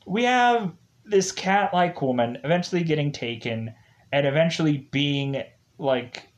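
A man giving a casual, rambling review of a show's episodes, full of fillers and restarts. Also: medium pitch. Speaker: show reviewer.

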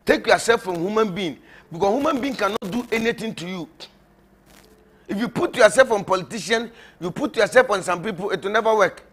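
Bright, high-voiced preacher, mocking and laughing. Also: male voice, expressive, a little fast, husky. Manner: repetitive, rambling. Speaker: prophet. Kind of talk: informal sermon to viewers.

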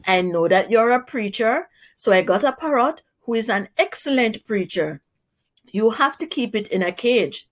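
A woman voicing the sly male spider trickster Anansi in a storybook reading, smooth and persuasive. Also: fairly high pitch, expressive, normal speed. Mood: scheming.

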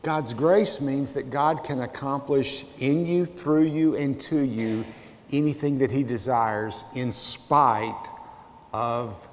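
A man preaching a sermon as pastor, swinging from loud outbursts to hushed, low phrases. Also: slow, a little hiss or hum. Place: large church sanctuary. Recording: echoey church hall with long reverb.

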